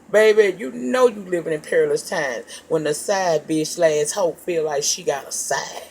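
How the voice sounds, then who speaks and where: Her voice is fairly low and husky as she dishes on a reality show episode. She keeps it casual and gossipy, animated and profane, calling listeners child and baby.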